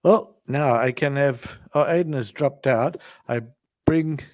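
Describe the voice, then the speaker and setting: A man's voice: medium pitch, a little slow, darkish tone, no echo, clean studio sound. A man hosting a casual call-in chat, speaking in a hesitant, stop-start way. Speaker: host.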